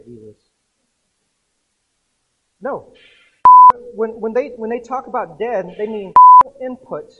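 A man preaching a casual sermon to a group, chatty and animated, acting out voices in his stories. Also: sits high, highs cut off. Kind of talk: conversational sermon.

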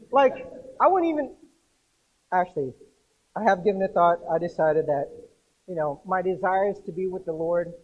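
A man preaching a casual sermon to a group, chatty and animated, acting out voices in his stories. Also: sits high, husky, phone-quality sound. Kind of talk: conversational sermon.

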